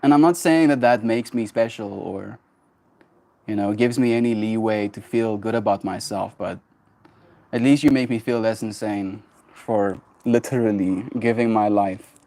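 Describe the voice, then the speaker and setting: A man in his twenties, a streamer telling a personal story in a casual livestream, emphatic and quick to laugh. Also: fairly low pitch. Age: 20s. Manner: animated and emphatic, laughs often, swears.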